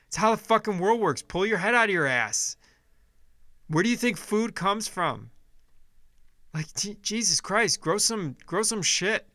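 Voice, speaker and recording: A man's voice: sits high, bright, forceful tone, dry recording, clean studio sound. A man delivering a blunt, profane, exasperated casual rant, often restarting his sentences.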